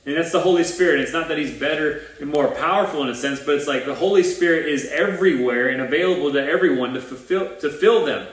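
Earnest pastor in an echoey room. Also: male voice, a little high, quick pace, hardly any pauses. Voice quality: earnest, informal preaching with restarts and asides. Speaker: pastor of a new church plant. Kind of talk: conversational livestream sermon. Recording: roomy echo.

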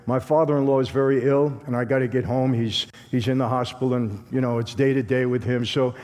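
A man's voice: mid-range voice, fairly even intonation, brisk, darkish tone. A man with a Brooklyn accent, giving a conversational, streetwise testimony sermon as a guest speaker. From Brooklyn, New York. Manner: streetwise, conversational, acts out dialogue. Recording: long hall reverb.

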